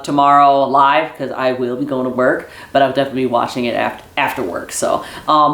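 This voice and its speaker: A man recapping a wrestling show in a casual vlog, rambling with many fillers and restarts like an excited fan. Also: medium pitch, reverberant. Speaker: wrestling vlogger.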